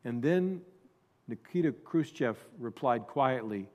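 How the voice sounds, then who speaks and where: A male pastor preaching a sermon, dropping to quiet asides and then rising to loud emphasis. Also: fairly high pitch, expressive, measured pace, in a large hall.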